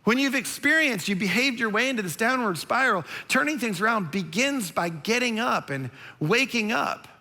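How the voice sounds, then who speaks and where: A man preaching a sermon as a pastor, telling a story with animated emphasis and speaking softly and earnestly when he turns to his listeners. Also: extremely high pitch, normal speed, few pauses. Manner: drops to a soft, earnest tone when addressing listeners directly.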